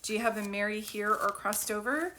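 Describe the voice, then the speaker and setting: A woman's voice: mid-range voice, brisk, background noise. A woman working as a psychic medium, giving a live spirit reading in a chatty, informal way and laughing often.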